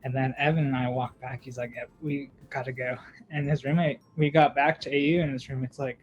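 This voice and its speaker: A man's voice: mid-range voice, little pitch movement, fairly quick, muffled recording, slight background noise. A young man, a podcast co-host, telling a long story in casual chat, with lots of fillers, "like" and laughter. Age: young adult.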